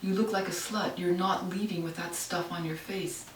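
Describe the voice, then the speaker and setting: A woman's voice: fairly low pitch, steady tone, normal speed, slight background noise, natural voice. A woman voicing a harsh, scolding father, in a roomy, distant home recording. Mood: berating. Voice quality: harsh, berating.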